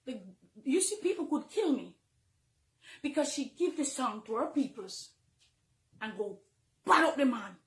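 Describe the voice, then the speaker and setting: A woman with a Jamaican accent, a minister speaking emotionally to her followers, swinging between hushed confiding and loud, heated outbursts. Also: sits high, lively intonation, unhurried, pauses often, roomy sound. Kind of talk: emotional personal address to followers.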